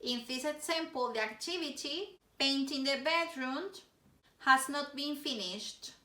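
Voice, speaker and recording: High bright woman teaching. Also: recorded from a distance. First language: Spanish. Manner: explains slowly, tags "yeah?" after points. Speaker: English teacher. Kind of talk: online grammar lesson. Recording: echoey room, voice off-mic.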